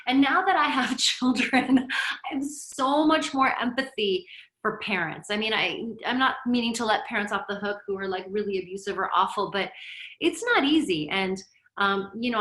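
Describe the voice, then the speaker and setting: A middle-aged woman, a yoga teacher and therapist from Lebanon, giving a reflective teaching talk with personal stories in a conversational, gently guiding way. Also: medium pitch, roomy sound, rough recording.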